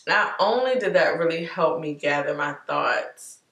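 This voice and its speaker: A woman vlogger talking candidly and warmly to her viewers, chatty and heartfelt, calling them y'all. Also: low-pitched, expressive, a little slow, roomy sound, recorded from a distance. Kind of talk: candid personal vlog talk.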